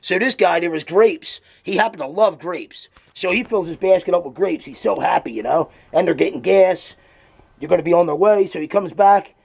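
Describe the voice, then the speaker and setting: A man's voice: high-pitched, normal speed, vocal fry, a little mellow. A man telling a long joke in a rambling, chatty way with many fillers. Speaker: comedian.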